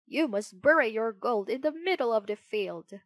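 A woman voicing a sly, smooth-talking fox swindler in a coaxing, drawn-out manner. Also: on the high side, animated, no echo, natural voice.

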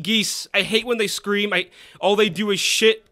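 High, bright, excitable streamer man. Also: normal speed. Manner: excitable, yells and swears at game characters; rambling anecdotes with frequent restarts. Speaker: game streamer. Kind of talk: casual gameplay commentary.

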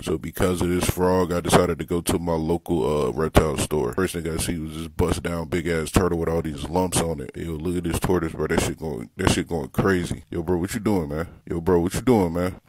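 A young man narrating his own zoo and pet store clips in a slangy, profane, joking way, sometimes breaking into loud excited yelling. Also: a bass voice, fairly quick, hardly any pauses, very noisy. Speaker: comedic TikTok narrator. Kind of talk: casual comedic voice-over.

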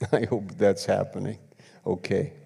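Gravelly pastor preaching in a reverberant church. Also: male voice, low voice, little pitch movement, takes it slowly. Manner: emphatic bursts and soft confiding drops. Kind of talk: sermon. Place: church sanctuary. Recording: long church hall reverb.

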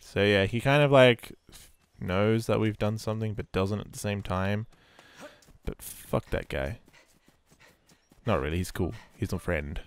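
Sleepy, yawning man with a low voice. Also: unhurried, clean tone, dry recording. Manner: rambling, swears freely, self-mocking. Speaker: gameplay commentator. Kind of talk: casual let's-play commentary.

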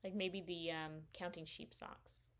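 A woman with a somewhat low voice chats casually as the host of a knitting podcast. She rambles enthusiastically, with plenty of fillers and little self-corrections, showing her purchases one by one. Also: flat delivery, unhurried, a bit bright. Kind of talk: casual show-and-tell chat.

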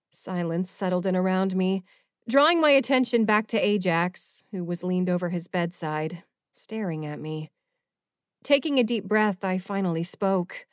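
A woman narrating a paranormal romance audiobook in first person, with a measured, expressive reading. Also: medium pitch, no room sound, clean studio sound.

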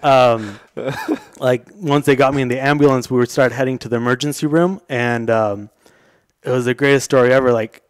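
A young man recounts a story in relaxed, casual talk, cursing often and chuckling as he goes. His voice sits at a middle pitch. The sound is dry, with no room around it. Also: moderate pace, clear, resonant tone, no echo. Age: young adult. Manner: laid-back, swearing, laughing through his story. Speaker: podcast guest.

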